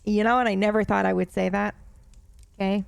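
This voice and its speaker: Chatty young woman streamer, gravelly edge. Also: medium pitch, little pitch movement, brisk, no room sound. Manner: chatty, laughs often, talks to chat. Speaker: let's play streamer. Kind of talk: casual gameplay commentary, reading game text aloud.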